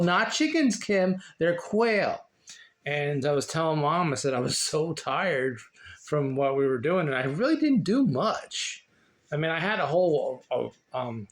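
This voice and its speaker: A man vlogging casually and reading from a book, rambling and repeating words with many restarts. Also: a little high. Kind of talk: casual chat and reading aloud.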